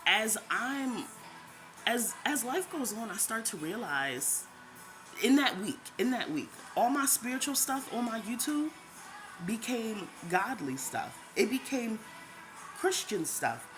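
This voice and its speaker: In this rough recording, a vlogger recounts her faith testimony as a relaxed, talkative personal story, speaking slowly in a slightly high voice with big swings in pitch. She repeats herself a lot and laughs occasionally, with music playing behind her.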